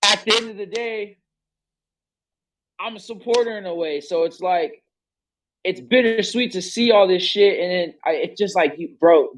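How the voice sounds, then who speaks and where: A young man riffs at length on a casual podcast, stacking slang and cursing as he circles his point. His voice sits a little high. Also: normal speed, long pauses, low-quality recording. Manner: rambling, emphatic, heavy slang and profanity. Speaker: podcast host. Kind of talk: casual chat.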